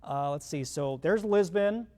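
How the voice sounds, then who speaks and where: A man's voice: on the high side, animated, measured pace, warm tone. Conversational man delivering urgent weather coverage. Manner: urgent, conversational, walks through radar with many fillers. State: has the hiccups. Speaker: chief meteorologist. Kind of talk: live broadcast weather coverage.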